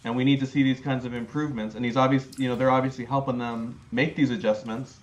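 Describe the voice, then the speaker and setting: A man's voice: medium pitch, steady tone, fast talker, dull audio. A man co-hosting a casual sports podcast, chatty and hedging, repeating words as he works out his opinion. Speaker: podcast co-host.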